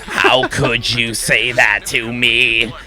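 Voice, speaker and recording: A man voicing a stern middle-aged father who talks in a loud, stiff, barking way. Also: medium pitch, level tone, takes it slowly, pitched below the performer's own voice.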